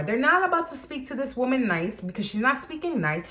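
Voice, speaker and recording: A young woman with a fairly high voice tells a personal story in a relaxed, slangy way. She is blunt and animated and talks straight to her viewers. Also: a little fast. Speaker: vlogger. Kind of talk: casual storytime.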